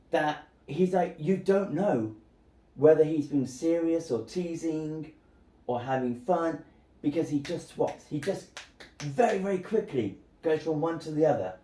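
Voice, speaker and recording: A man's voice: on the high side, warm tone. Chatty man retelling a film scene. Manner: chatty retelling, many fillers. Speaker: movie commentator. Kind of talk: casual commentary. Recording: roomy echo.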